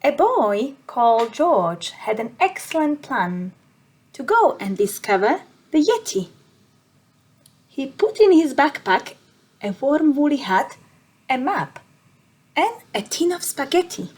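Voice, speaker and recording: Woman storyteller, high, lively, unhurried read-aloud voice, expressive and sing-song.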